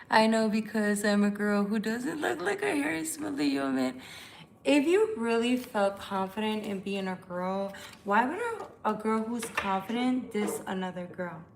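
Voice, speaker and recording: A woman's voice: mid-range voice, creaky, a little hiss or hum. A tipsy woman tarot reader talking bluntly and profanely in a casual live-stream chat from home.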